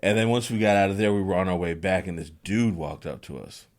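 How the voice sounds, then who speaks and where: A man's voice: low-pitched, fast talker. A young adult man from New Jersey, hosting a podcast and telling a funny story in a loose, rambling way with restarts and laughter. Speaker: podcast host. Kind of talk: casual comedic storytelling.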